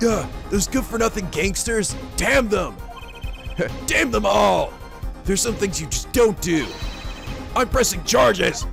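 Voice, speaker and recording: A man's voice: sits high, animated, slow pace, gravelly, long pauses, music in the background, voice pushed up, exaggerated voice. A man voicing a jumpy, earnest young male lawyer who gets flustered and overdramatic in a game. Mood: indignant.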